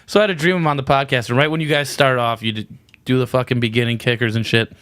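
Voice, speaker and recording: A man's voice: mid-range voice, fairly even intonation, fast talker, fairly bright tone, clean tone, no room sound. A man in a mid-range voice, spinning loose stories as a podcast guest and swearing as he goes. The sound is close and dry. He laughs between his lines. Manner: rambling storyteller, laughs often, swears. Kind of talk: casual profane chat.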